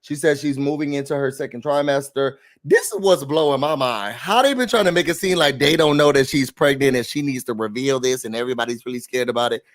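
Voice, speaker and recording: A man recapping a reality show in a sassy, animated rant, talking straight to his viewers from a room indoors. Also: medium pitch, brisk, few pauses. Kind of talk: casual rant-style recap.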